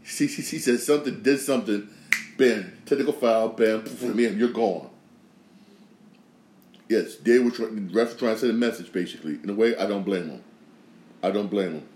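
Emphatic low-voiced man, echoey room. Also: moderate pace, pauses often, darkish tone, slight background noise. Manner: emphatic, repeats phrases, frequent restarts. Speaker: podcast host. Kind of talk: opinionated sports and news commentary.

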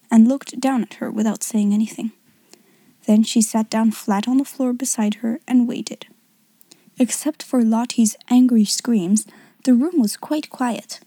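A woman reading a classic novel aloud as an audiobook narrator, in an even, measured manner. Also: a little high, no echo. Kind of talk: scripted narration.

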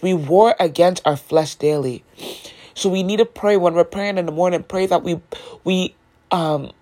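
A woman's voice: low-pitched, a little mellow. Earnest Christian woman preaching on a podcast. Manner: earnest, repetitive preaching cadence. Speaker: podcast host. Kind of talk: Christian devotional talk.

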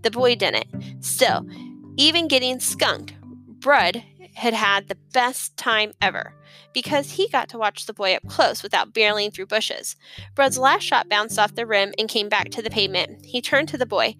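A woman reading a children's novel aloud as narrator, expressive and lively. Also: a little high, unhurried, faint music behind, poor audio. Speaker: audiobook narrator. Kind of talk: scripted storybook narration.

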